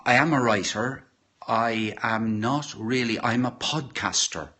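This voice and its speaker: A middle-aged Irish man chatting casually on a live stream from his kitchen, rambling and halting with many fillers and restarts. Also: medium pitch, bright, forceful tone, slightly rough. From Ireland. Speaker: podcaster. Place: home kitchen.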